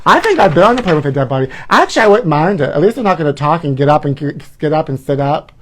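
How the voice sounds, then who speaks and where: A man's voice: a little high, very animated, fast talker. A man hosting a campy celebrity gossip livestream, calling everyone honey and laughing at his own jokes. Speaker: host.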